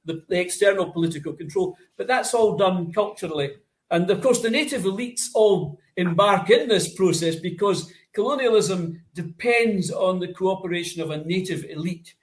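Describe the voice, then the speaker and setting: An earnest man lectures as a guest on a discussion panel. His voice sits slightly high, and he often repeats words as he builds his argument. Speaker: guest academic. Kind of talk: political discussion.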